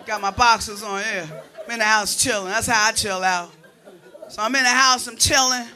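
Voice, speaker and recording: A woman performing stand-up comedy on a club stage, telling animated stories that break into shrieks and laughter. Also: fairly high pitch, brisk, faint music behind, some chatter behind.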